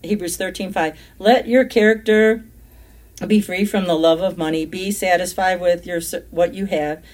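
A woman's voice: fairly low pitch, fairly even intonation, normal speed, a little mellow. A woman leading a casual Bible study, reading verses aloud with emphasis and explaining them in everyday speech.

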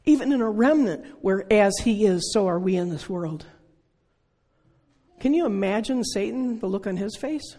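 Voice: medium pitch, animated, normal speed, mellow. A preacher in their sixties giving an earnest, conversational sermon full of rhetorical questions. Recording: long reverb of a large hall.

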